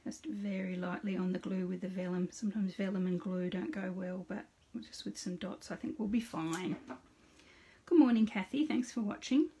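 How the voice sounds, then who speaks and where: A woman's voice: mid-range voice, normal speed, mellow, slight background noise. A middle-aged woman hosting a casual live card-making demonstration. She chats with viewers by name and narrates each step aloud.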